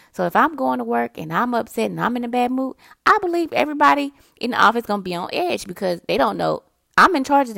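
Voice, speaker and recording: Lady podcasting, lots of vocal fry, dead dry sound, just rambling to y'all. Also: mid-range voice, a bit bright, dry recording. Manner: chatty, addresses listeners as y'all. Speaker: podcast host. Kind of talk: casual motivational monologue. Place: indoors, early morning.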